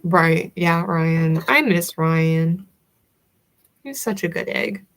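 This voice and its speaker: Chatty young Southern woman with gravelly fry. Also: fairly low pitch, slow pace. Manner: chatty, rambling, giggly, many fillers. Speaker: livestream host. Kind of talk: casual chat with viewers.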